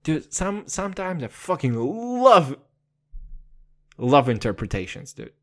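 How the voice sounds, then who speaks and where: A man hosting a podcast, talking in an excitable, profane, jokey way. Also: slow pace. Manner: excitable, profane, jokey, with big pitch swings. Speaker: podcast host. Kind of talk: casual podcast chat.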